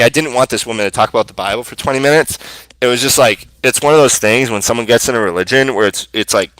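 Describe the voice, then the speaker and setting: Bright-voiced man coaching on a livestream. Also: medium pitch, no echo, rough recording. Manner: energetic, informal, lots of fillers and restarts. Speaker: sales coach hosting a live Q&A. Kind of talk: casual live-stream coaching.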